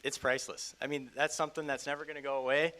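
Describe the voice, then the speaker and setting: A young man from Iowa, an auction school student, speaking softly about his family and calling bids in a rapid rhythmic chant. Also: medium pitch, little pitch movement. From Iowa, USA. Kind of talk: auctioneer's bid calling and interview.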